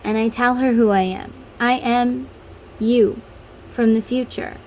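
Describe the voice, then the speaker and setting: A woman's voice: on the high side, steady tone, unhurried, a little mellow, slight background noise, low-quality recording. A woman who reads tarot, talking casually to viewers and guiding them through an inner-child meditation, with chatty tangents. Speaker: tarot reader.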